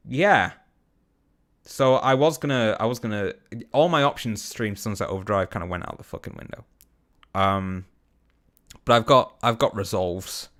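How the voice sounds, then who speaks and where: A man's voice: on the low side, a bit bright. A man from Bolton with a general, slightly posh English accent, chatting casually on a live stream and answering viewer comments with lots of ums and casual swearing. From Bolton, England. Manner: rambling, quick bursts, swears casually, many ums.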